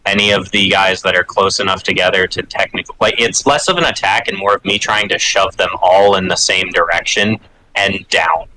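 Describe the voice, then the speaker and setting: A man's voice: sits low, brisk, pushed and bright, rough recording. A man playing in a tabletop game, talking casually and bluntly, now and then swearing. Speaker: player. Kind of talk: casual chat.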